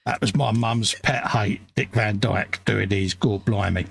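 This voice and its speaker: A man's voice: lowish voice, steady tone, unhurried, creaky, a bit bright, slightly rough, no echo. A middle-aged man co-hosting a live hobby stream, joking and laughing as he reads out chat messages. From England. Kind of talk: casual banter.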